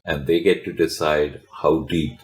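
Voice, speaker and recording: A man with an extremely deep voice explains his ideas as a guest executive coach. He speaks in a measured, emphatic way and builds each point with concrete examples. The sound is roomy, with noticeable echo. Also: flat delivery. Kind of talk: explanatory interview talk.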